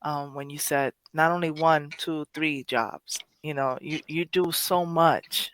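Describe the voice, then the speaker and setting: A woman's voice: deep voice, fairly even intonation, a little slow, a bit bright, no echo. A woman hosting a poetry podcast, speaking emotionally in casual chat, rambling with many restarts and self-corrections. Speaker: poetry show host.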